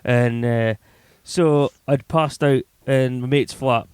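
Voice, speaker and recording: A man's voice: mid-range voice, fairly even intonation, takes it slowly, a little mellow, clear, resonant tone, no room sound. Sweary man telling stories. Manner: swears freely, loose storytelling with acted quotes. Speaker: podcast co-host. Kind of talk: casual chat, anecdotes.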